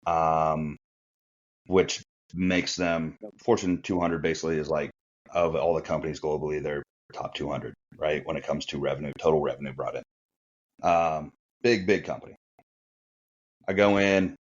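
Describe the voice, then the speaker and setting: On a podcast, a retired Marine officer in middle age shares a casual anecdote in a very deep, steady voice at a moderate pace, chatting along with fillers. The recording sounds muffled and lo-fi.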